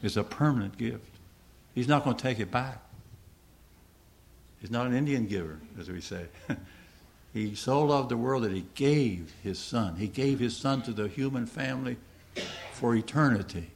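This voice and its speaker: A man's voice: medium pitch, normal speed, gravelly, pauses often. A man preaching a sermon to a congregation, earnest, asking the listeners questions and repeating key lines.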